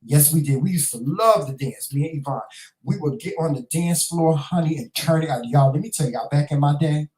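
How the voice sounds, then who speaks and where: Middle-aged man, chatty talk show host, mellow warm voice, repeats lines, roomy echo. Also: on the high side, fairly quick. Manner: chatty, repeats himself, calls viewers y'all, honey, child. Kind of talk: casual live chat with viewers. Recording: echoey room.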